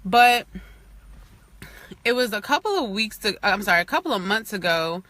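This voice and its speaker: Woman, faith vlogger, chatty livestream testimony, bright tense tone, dry close sound. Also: medium pitch, expressive, moderate pace, no room sound. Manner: chatty, full of "like" and "you know"; earnest, near tears at times.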